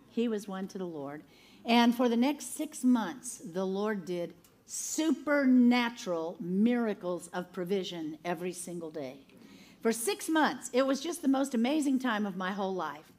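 An older woman giving an animated sermon testimony, laughing often and acting out the people in her story. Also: a little high, moderate pace. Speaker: conference speaker.

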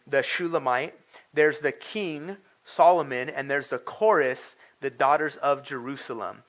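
Youngish guy preaching, kinda high voice, chatty and earnest, lots of uhs. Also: fairly bright tone. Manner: conversational, earnest, with frequent fillers and restarts. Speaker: pastor. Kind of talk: sermon. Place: church sanctuary.

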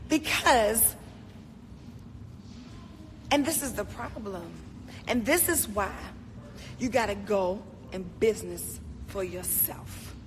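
A woman's voice: mid-range voice, slow, long pauses. A woman from Baltimore ranting indignantly and emotionally into her phone in a hotel on a livestream. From Baltimore, USA. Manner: indignant, emotional, repeats herself. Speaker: celebrity livestreaming. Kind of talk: angry live-stream rant. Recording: echoey room with faint noise.

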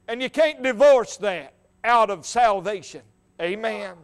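High-voiced man preaching a fiery sermon. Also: lively intonation, unhurried. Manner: impassioned, rising to shouts, quotes old scripture. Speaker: evangelist. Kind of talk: fervent revival sermon.

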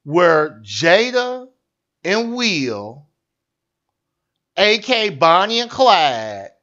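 A man's voice: sits high, pushed and bright, dull audio. A man hosting a satirical news show, delivering a blunt, profane, repetitive comic rant.

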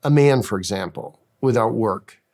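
A man's voice: fairly low pitch, moderate pace, a little mellow. A man who is a pastor and interview guest, answering in an earnest preaching style with stories and frequent restarts.

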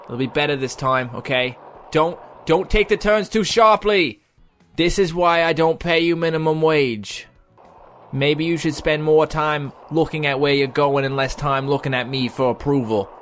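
A man's voice: on the high side, normal speed, fairly bright tone, slight background noise, close to an everyday voice. A man putting on a vague accent as a patronizing mock driving instructor addressing children. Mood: mock teacherly. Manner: put-on vague accent, teacherly sing-song.

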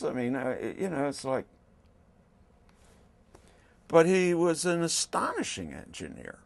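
Older male musician, gravelly and unhurried, animated storyteller. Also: fairly high pitch. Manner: animated storyteller, acts out quotes. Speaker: rock guitarist interviewed. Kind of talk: storytelling interview.

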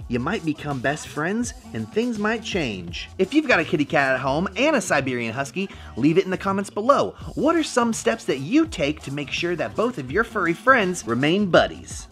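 Lively playful man giving pet tips. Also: on the high side, a little fast, hardly any pauses, faint music behind. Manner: playful, animated, slangy. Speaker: dog trainer vlogger. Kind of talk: casual instructional vlog.

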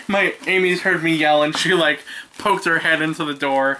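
A young woman vlogging from her room as she unboxes a gift, excitable and quick to squeal, laugh and swear. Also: sits low, slight background noise. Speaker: YouTuber opening a gift. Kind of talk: casual unboxing vlog. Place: her own room at home. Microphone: camera on a stand in front of her.

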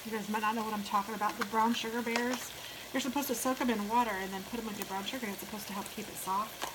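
A woman talking to her viewers while she cooks in her home kitchen, chatty and relaxed. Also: on the high side, quick pace. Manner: chatty, talks to viewers while cooking, hums. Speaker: cooking vlogger. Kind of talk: casual cooking vlog narration. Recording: loud kitchen noise behind.

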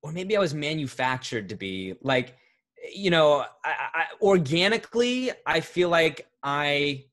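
A man in his thirties talking casually as an interview guest, rambling and correcting himself, getting animated when he tells a story. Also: a little high, measured pace. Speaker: voice actor guest. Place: home recording setup, remote interview.

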